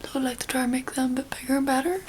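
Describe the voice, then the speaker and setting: A woman's voice: high-pitched, rapid-fire, a little mellow, slight background noise. A young woman giving a casual makeup tutorial, chatty and rambling, often dropping into a half-whisper. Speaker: beauty vlogger.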